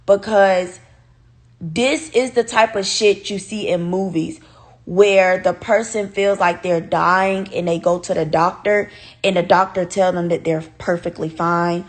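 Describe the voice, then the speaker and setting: A woman's voice: fairly low pitch, fairly even intonation, unhurried. A woman from the United States, vlogging a casual storytime straight to her viewers, emphatic and swearing freely.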